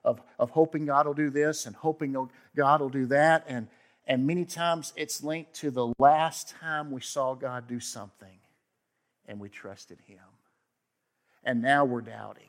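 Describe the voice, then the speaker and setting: A man preaching a sermon as pastor, talking conversationally, swinging from loud emphasis to hushed asides and acting out quoted voices. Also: mid-range voice, fairly even intonation, a little slow. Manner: acts out quoted voices with sudden outbursts.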